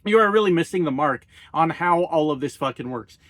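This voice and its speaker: A man's voice: fairly high pitch, lively intonation, a little fast, a bit bright. A man and former truck driver, ranting about politics into his phone in a blunt, profane, sarcastic way. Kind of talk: profane political rant to camera.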